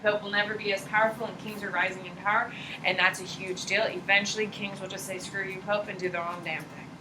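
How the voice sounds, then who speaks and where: A woman teaching a high school history class, blunt and slangy, firing questions at her students. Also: little pitch movement, quick pace, noisy background. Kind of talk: classroom lecture. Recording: echoey classroom, mic far off.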